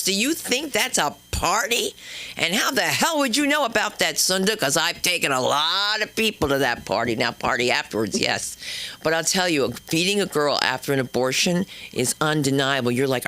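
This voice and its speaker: Brash lady doing stand-up at a comedy club, chatty, big swings in pitch, bright edge to her voice. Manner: brash, chatty, swings into loud high bits.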